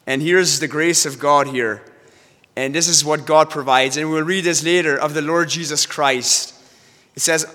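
Male preacher, earnest, forceful tone, slightly high voice, long hall reverb. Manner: earnest, repetitive, restarts often. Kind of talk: sermon reading scripture.

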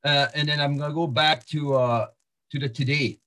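A man gives sermon-style Bible teaching, stepping through verses while repeating words, restarting and using many fillers. His voice is on the high side and a bit bright, with fairly even intonation and a moderate pace.

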